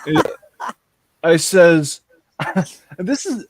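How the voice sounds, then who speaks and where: A man's voice: fairly high pitch, expressive, extremely slow, no echo. A man from Ireland telling a rambling, laughing anecdote as a livestream host, acting out the voices in it. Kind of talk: casual storytelling on a livestream.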